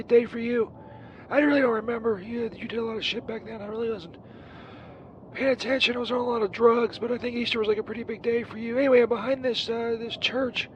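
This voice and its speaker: A man's voice: very high-pitched, lo-fi sound, slight background noise. A man voicing a crude, burned-out Saint Peter who rambles profanely through a comedic voicemail. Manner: rambling, profane, distracted, lots of fillers.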